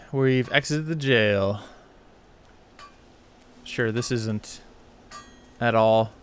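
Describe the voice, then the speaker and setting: A man's voice: mid-range voice, extremely slow, pauses often, soft background music. A man casually commenting while playing a video game, laid-back and muttering asides to himself. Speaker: let's play gamer.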